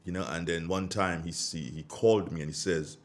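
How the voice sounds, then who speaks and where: A deep-voiced Grenadian man talks fairly quickly on his radio show, greeting the audience and telling colloquial stories with animated Caribbean phrasing. The studio recording has a little hiss or hum.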